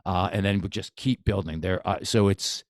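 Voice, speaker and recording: A man's voice: deep voice, steady tone, normal speed, no echo, studio quality. A man, a boxing coach talking as a podcast guest, eager and repetitive, restarting his sentences often. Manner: enthusiastic, repeats phrases, many restarts. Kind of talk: casual podcast conversation.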